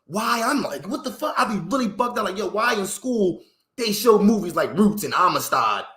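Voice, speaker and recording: Man, high voice, swings all over in pitch, swearing rant, roomy echo. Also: normal speed. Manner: animated, swearing, heavy slang, rhetorical questions. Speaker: vlogger. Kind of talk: profane, rambling opinion rant.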